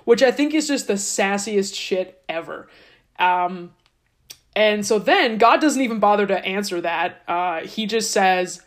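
A woman's voice: mid-range voice, animated, unhurried. Woman podcaster telling a story, sarcastic and chatty, lots of asides. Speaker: podcast host. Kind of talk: casual irreverent storytelling.

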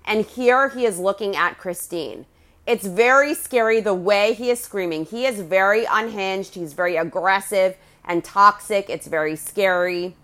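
A woman's voice: mid-range voice, a little slow, a bit bright. A woman hosting a podcast, giving blunt, scornful recap commentary with crude put-downs. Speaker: podcast host.

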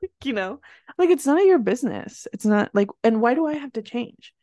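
A woman co-hosting a casual podcast chat, talking quickly and expressively and laughing often. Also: fairly high pitch, sing-song, dark tone, no room sound, clean studio sound. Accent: slight Latina accent at times. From Latina, grew up bilingual in Spanish and English. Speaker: podcast co-host.

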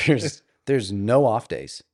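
A man's voice: fairly low pitch, sing-song, very slow, dry recording, studio quality. A man in his thirties co-hosting a faith podcast, talking in an earnest, reflective way. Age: 30s. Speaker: podcast co-host.

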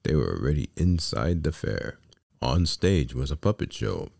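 Very deep gravelly male storyteller. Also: sing-song, normal speed, a little mellow, dry recording, studio quality. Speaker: podcast host and storyteller. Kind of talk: storybook reading.

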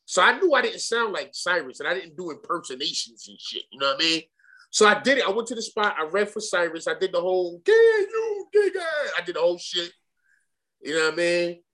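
His voice sits high with a sharp tone, and he's a fast talker. A young rapper from Brooklyn, New York, he's a guest in a casual interview, telling a rambling, profane story full of slang and restarts.

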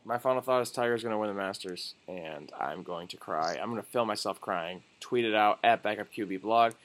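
Excitable young man hosting a sports podcast. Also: lowish voice, fairly quick. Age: young adult. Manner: excitable, swearing, jokey. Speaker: podcast co-host. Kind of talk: casual sports podcast chat.

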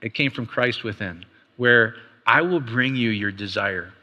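Middle-aged male pastor, bright and forceful, casual preaching style peppered with rhetorical questions, ringing hall reverb. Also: medium pitch, lo-fi sound. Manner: conversational preaching, quick asides and rhetorical questions. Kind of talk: sermon.

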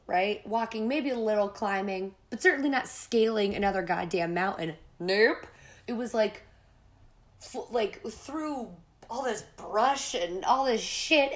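A woman hosting a podcast, telling a personal story in a candid, casual way, swearing freely and acting out her own panic in quoted lines. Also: mid-range voice. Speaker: podcast host.

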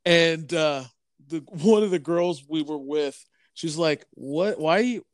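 A man's voice: on the high side, a little slow, dry recording, studio quality. Rambling man in casual chat. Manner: rambling, many fillers.

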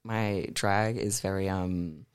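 A young man, chatting animatedly as a podcast guest, swearing freely and reading poems with slow force. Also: sits low, steady tone, smooth, no room sound, studio quality. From Australia. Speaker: guest artist and poet. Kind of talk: casual podcast chat.

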